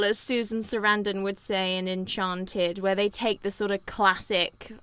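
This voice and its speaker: A woman co-hosting a film podcast, talking in an animated, rambling way with lots of fillers. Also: mid-range voice, unhurried, smooth, no echo, clean studio sound. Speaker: podcast co-host. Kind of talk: casual chat.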